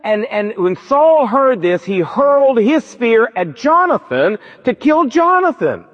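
A man's voice: very high voice, big pitch swings, a little slow, a bit bright. A man preaching a sermon, retelling a story with emphatic, preacherly storytelling. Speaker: pastor. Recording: dull lo-fi with long reverb, church sermon recording.

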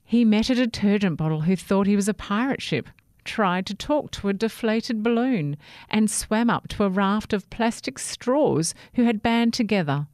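A woman, narrating a children's story in a gentle, expressive way. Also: medium pitch, normal speed, no room sound, clean studio sound.

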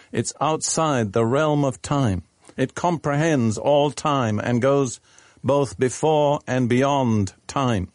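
A man preaching a sermon in a measured, deliberate teaching manner. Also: mid-range voice, darkish tone, no room sound.

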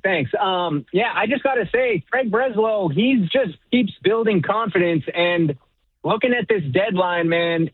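A high-voiced man calls in to sports radio. He talks hesitantly, with plenty of ums. He comes through a tinny, dry phone line. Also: no echo. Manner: hesitant, many fillers. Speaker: caller. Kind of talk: call-in sports talk.

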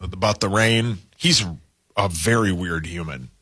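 A man's voice: deep voice, measured pace, pushed and bright. A man co-hosting a casual talk show, telling rambling, self-deprecating stories. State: caffeinated, talking fast. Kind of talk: casual morning-show banter.

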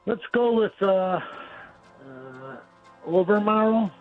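A man calling in to a radio show, easygoing and quick to laugh. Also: high-pitched, lively intonation. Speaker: caller. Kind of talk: casual call-in chat. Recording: tinny phone line with faint music.

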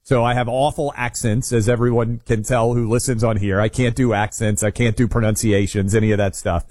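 A man's voice: medium pitch, level tone, a little fast, a little mellow, no echo. A man co-hosting a talk radio show in casual banter, wry and confessional in tone. His voice sits mid-range and sounds close and dry in the studio. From Nashville, USA. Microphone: studio microphone.

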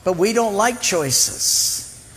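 A man preaches very slowly in a high voice, his words trailing into long hall reverb. His sermon is built on animated illustrative stories in which he acts out the people's voices.

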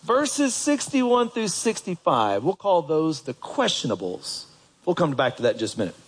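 A man's voice: on the high side, very animated, normal speed, slightly rough, rough recording. A man preaching a sermon in a church, chatty and direct, asking the congregation rhetorical questions and reading scripture aloud. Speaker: pastor.

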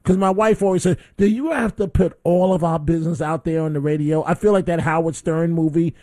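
A man's voice: a little high, steady tone, fairly quick, a little mellow. A middle-aged man hosting call-in talk radio, telling stories animatedly and laughing at himself. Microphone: studio microphone.

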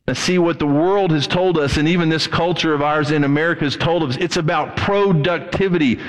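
Man, middle-aged pastor, high voice, animated sermon, long church reverb. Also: a little fast, hardly any pauses. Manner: animated preaching, acting out quoted voices.

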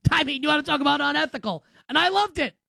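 A man's voice: extremely high pitch, lively intonation, quick pace, creaky, pushed and bright, no echo. A man hosting a sports talk show, giving opinionated commentary in an emphatic, sarcastic way.

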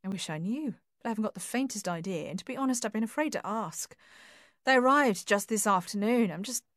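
A woman reading the part of a middle-aged mother who speaks quietly and hesitantly. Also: medium pitch, lively intonation, fairly quick, no room sound, studio quality, close to an everyday voice. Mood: worried.

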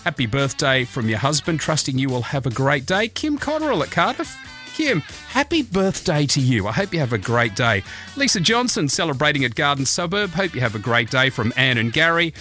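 Australian male breakfast-radio host, bright, bouncy delivery over a faint music bed, chatty and self-deprecating. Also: fairly high pitch, sing-song, a little fast. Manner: chatty and jokey, self-mocking asides. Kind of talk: casual radio chat and birthday call-outs.

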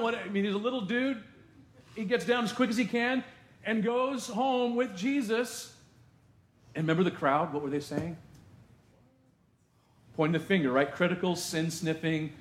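Animated male pastor preaching in a roomy church. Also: sits high. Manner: animated, conversational preaching with rhetorical questions. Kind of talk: sermon. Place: church sanctuary.

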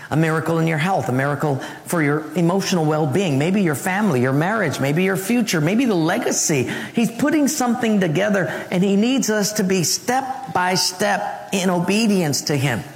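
Male pastor, lively story-driven sermon, slightly high voice, echoey hall, faint ambience. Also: normal speed, hardly any pauses. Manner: animated storyteller who swings his pitch and laughs through his story.

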